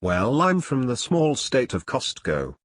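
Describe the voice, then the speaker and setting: A man's voice: medium pitch, wildly swooping pitch, unhurried, dry recording. A cheeky young man bluffing a traffic cop with a perfectly straight face, as a male reader puts him on. He sounds dry and close, with no room around him, in a read-aloud story. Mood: deadpan.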